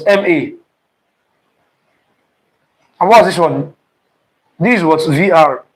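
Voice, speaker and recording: A male physics teacher with a high voice runs an online exam-prep lesson. He repeats himself and keeps quizzing the class with "what?" prompts, rushing some phrases and dragging out others. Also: poor audio. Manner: repetitive, quizzing with "what?" questions; speeds up and slows down, stressing terms.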